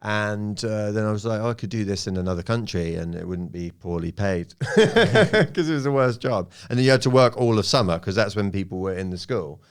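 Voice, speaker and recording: A man's voice: on the low side, lively intonation, a little fast, few pauses, clean tone. A young man in casual podcast chat, telling rambling, self-mocking stories into a studio microphone. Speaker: guest comedian.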